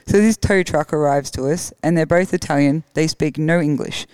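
An Australian woman, a rally co-driver guest, telling lively stories, acting out other people's lines and laughing often. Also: low-pitched, normal speed, smooth, no room sound. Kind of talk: animated storytelling.

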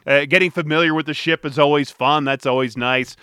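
A man's voice: fairly high pitch, steady tone, brisk, sharp tone, smooth, dry recording, clean studio sound. A man hosting a podcast who tells stories casually, rambling and cutting himself off, with an amused tone. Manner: rambling, self-interrupting, amused. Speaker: podcast host. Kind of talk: casual storytelling monologue.

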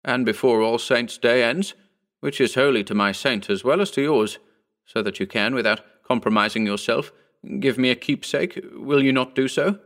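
A man's voice: medium pitch, moderate pace, fairly bright tone, lightly acted. A man reading a story voices an earnest, pleading young nobleman who is proud but fearful.

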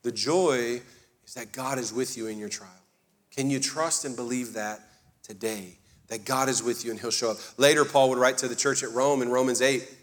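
A man preaching a fervent sermon, swinging between quiet, intimate stretches and loud, rising calls to the congregation. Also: mid-range voice, steady tone, moderate pace. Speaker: pastor.

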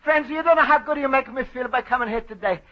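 An actor playing a warm, excitable Italian immigrant man with an Italian accent and broken English, in a 1950s radio sitcom. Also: extremely high pitch, fast talker, dull audio. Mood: cheerful. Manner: broken English, effusive and fussing. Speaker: lead character. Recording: hissy old radio broadcast.

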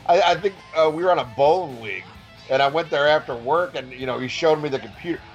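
Man, casual co-host, gravelly and profane, laughs as he talks, dull lo-fi recording. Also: fairly high pitch, fast, soft background music. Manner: laughing, profane storytelling with stammered restarts. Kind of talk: casual chat.

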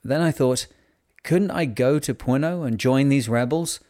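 Man calmly reading a novel aloud. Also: mid-range voice, unhurried. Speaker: audiobook narrator. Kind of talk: scripted narration.

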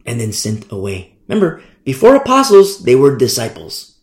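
A man preaching a sermon with fervent emphasis, swinging between loud declarations and hushed asides. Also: mid-range voice, wildly swooping pitch, moderate pace. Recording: echoey room.

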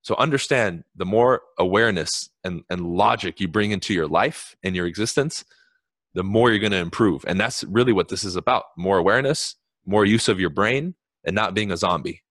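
A man co-hosting a podcast, talking in a relaxed, slangy and preachy way. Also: deep voice, brisk, dry recording, studio quality. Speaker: podcast co-host. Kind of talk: casual chat.

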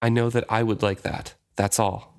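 A man reading aloud as a weary, bitter young courtesan who speaks in a quiet, flat, pleading voice. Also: fairly low pitch, moderate pace, close to an everyday voice.

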